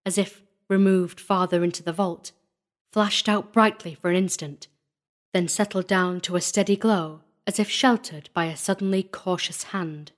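A woman narrating a gothic horror story as a dramatic audiobook reading, measured and building tension. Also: fairly low pitch, steady tone.

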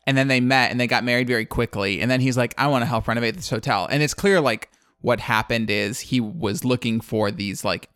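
A man's voice: mid-range voice, moderate pace, fairly bright tone, clean tone, no echo. Casual male podcast host, rambly storyteller, dry sound. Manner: rambling, chatty, lots of "like". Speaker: podcast co-host recapping a film. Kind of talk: casual chat.

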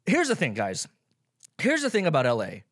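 A young man hosting a solo podcast, ranting sarcastically with plenty of swearing, swinging from loud mock outrage to mumbled asides. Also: fairly high pitch, wildly swooping pitch, normal speed, dry recording, clean studio sound. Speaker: podcast host. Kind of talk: casual solo podcast rant.

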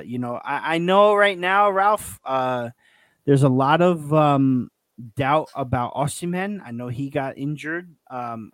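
A man hosting a sports podcast, talking in an excitable, rambling way with many restarts. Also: mid-range voice, no echo. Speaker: podcast host. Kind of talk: casual sports chat.

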